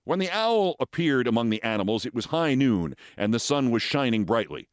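A man in his sixties, a show host, reading fables aloud with expressive, theatrical storytelling. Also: mid-range voice, moderate pace, no echo, clean studio sound.

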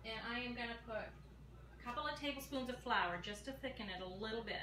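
A woman's voice: on the high side, fairly quick. Chatty sixty-year-old woman in an echoey kitchen. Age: 60s. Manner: chatty, folksy, talks straight to viewers. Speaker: home cooking vlogger. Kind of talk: casual cooking chat to camera. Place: home kitchen. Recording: echoey kitchen with clear background noise.

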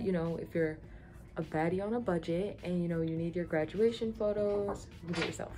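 A young woman chatting casually to her camera as a vlogger, excited and full of fillers. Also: lowish voice. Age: young adult. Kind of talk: casual vlog talk to camera. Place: in a car, then on a college campus.

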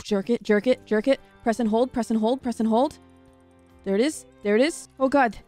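Giggly young woman gamer, fairly high and bouncy voice, faint music underneath. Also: moderate pace. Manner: loud, giggly, jokey country-girl banter. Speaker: streamer playing a fishing game. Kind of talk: excitable gaming commentary.

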